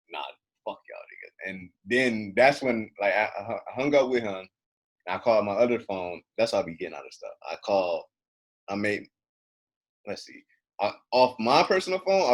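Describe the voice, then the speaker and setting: A man's voice: fairly low pitch, lively intonation, a little fast. A young man co-hosting a casual podcast, telling a story with lots of swearing and acted-out quotes. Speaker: podcast co-host.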